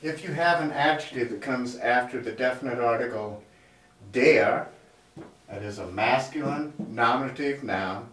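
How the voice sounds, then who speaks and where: A man's voice: medium pitch, a bit bright. A man teaching a grammar lesson in a classroom, explaining step by step as he writes on a board. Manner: slow, explanatory, writing on a board as he talks. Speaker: German teacher. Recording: echoey room, mic far off.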